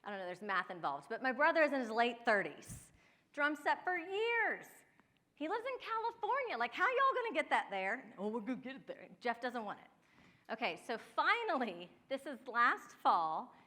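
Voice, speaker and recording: Bright-voiced woman in a reverberant hall. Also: a little high. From Ohio, USA. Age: 40s. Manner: chatty, laughing, talks straight to the audience. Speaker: downsizing and home organizing expert. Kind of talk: workshop talk with personal stories.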